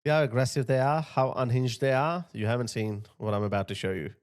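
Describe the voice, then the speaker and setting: A man talks over clips in a scornful, mocking tone, stopping to parody the people he is reacting to. His voice sits at an ordinary middle pitch. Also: fairly quick, heavy background noise. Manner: scornful, mocking, mimics others in a high voice. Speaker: political commentator. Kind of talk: reaction commentary.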